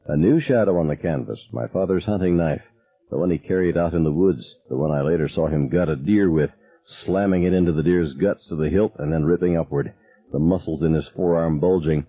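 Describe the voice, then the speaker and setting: Deep, husky male audiobook narrator. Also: no room sound. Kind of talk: first-person novel reading. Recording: tinny, phone-like narrow sound.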